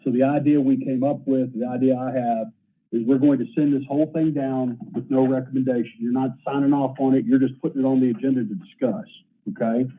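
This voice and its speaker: A man's voice: mid-range voice, steady tone, fairly quick. A man chairing a city council committee meeting, running votes and reading agenda items in a rattling list. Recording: tinny phone-like meeting audio.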